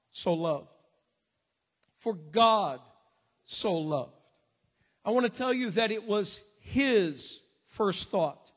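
A male pastor preaching a sermon in an emphatic way, slowing down and raising his voice on key phrases. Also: very high voice, a bit bright. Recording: long reverb of a hall.

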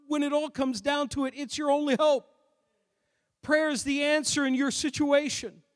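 A pastor preaching a sermon, moving between quiet asides and loud, emphatic declarations. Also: male voice, extremely high pitch, flat delivery, moderate pace. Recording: long reverb of a large hall.

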